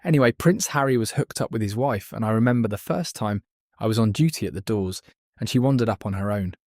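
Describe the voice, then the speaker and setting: A man's voice: fairly low pitch, fast talker, a little mellow, no room sound, clean studio sound, natural voice. A man voicing a blunt, crude male former palace footman. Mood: scornful.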